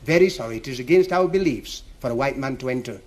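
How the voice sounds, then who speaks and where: Man doing a low, solemn old chief. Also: lively intonation, quick pace, darkish tone, natural voice. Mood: grave. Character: solemn older male village chief.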